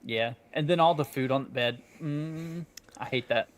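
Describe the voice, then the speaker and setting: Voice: medium pitch, moderate pace. A co-host chatting casually and tossing in wry reactions and comments. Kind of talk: casual chat.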